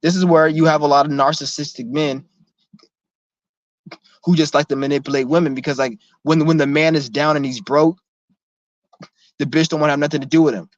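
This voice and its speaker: A man's voice: a little high, fairly even intonation, brisk, pauses often, no echo. A man delivering a heated rant to camera, blunt, profane and confrontational, often restarting his sentences. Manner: repeats himself with many restarts. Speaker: vlogger. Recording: dull lo-fi, dry sound.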